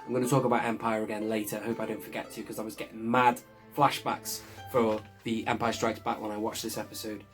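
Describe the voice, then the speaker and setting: A man's voice: lowish voice, level tone, quick pace, faint music behind. A man recapping a TV episode in a casual, enthusiastic way, often chuckling as he talks. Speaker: show reviewer.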